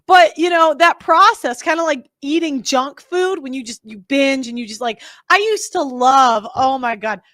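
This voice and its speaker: High-voiced rambling woman, casual chat. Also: moderate pace, hardly any pauses, a bit bright, no room sound, clean studio sound. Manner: chatty, rambling, self-interrupting. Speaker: influencer.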